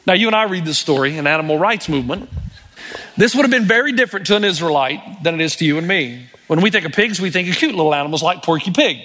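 A man's voice: on the high side, expressive, quick pace, bright, forceful tone. A male pastor preaching a sermon, telling stories with acted-out quotes and wry humor.

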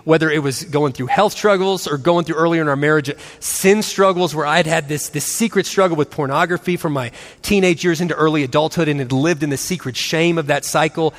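A man in his forties with a high voice tells a lively family story. He acts out the voices and often breaks into laughter, and his voice rings with a long reverb. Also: a little fast, hardly any pauses. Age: 40s. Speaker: christian speaker and husband. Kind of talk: storytelling talk.

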